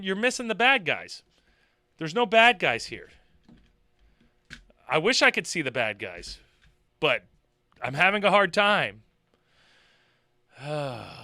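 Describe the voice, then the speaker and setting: A man's voice: high-pitched, sing-song, takes it slowly, long pauses, pushed and bright, no room sound. A man giving sarcastic, laughing commentary on a video he is reacting to.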